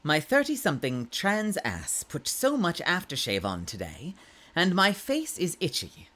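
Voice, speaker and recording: A woman voicing a male cartoon dog in a lowered, deadpan voice. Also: a little slow, exaggerated voice.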